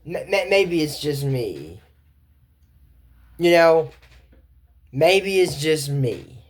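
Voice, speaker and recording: A man's voice: fairly high pitch, sing-song, extremely slow. A man giving a casual, rambling recap of a cartoon episode, full of fillers, asides and incredulous reactions. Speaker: cartoon reviewer.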